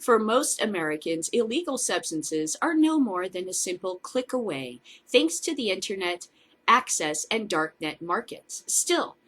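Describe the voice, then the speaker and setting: A woman's voice: medium pitch, expressive, measured pace, a bit bright, breathy edge. A woman hosting a casual news commentary show, reading out stories and mocking them with sarcastic, swearing asides. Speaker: host of a cannabis news show.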